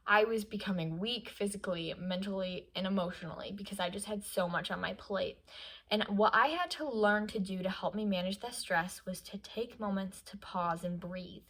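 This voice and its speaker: A young adult woman giving advice in a vlog, in an earnest, encouraging way that drops to a soft hush at times. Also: mid-range voice. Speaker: vlogger giving stress tips. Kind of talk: encouraging vlog talk to camera.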